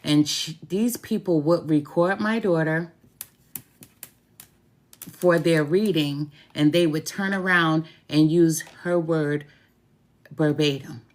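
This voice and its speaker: Speaking slowly with frequent pauses, this middle-aged woman has a deep voice. She's a tarot reader and root worker talking informally to camera, chatty and heartfelt, openly thankful, and she repeats phrases for emphasis.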